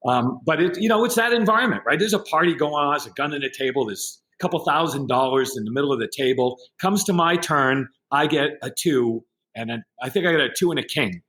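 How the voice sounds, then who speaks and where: A middle-aged man, guesting on a podcast, recounts a story in easy conversation and performs the others' lines in their voices. His voice runs a little high, his pace fairly quick with few pauses.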